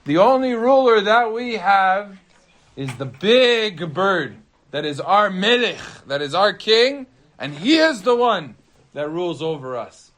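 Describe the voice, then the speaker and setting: A haughty bird in a told story, voiced by a man well above his own pitch. It argues scornfully and mockingly, boasting of soaring far above the land. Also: big pitch swings, a little slow, a bit bright, heavily acted. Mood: scoffing. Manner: mocking, argumentative. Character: scornful skeptical bird, proud of flying high.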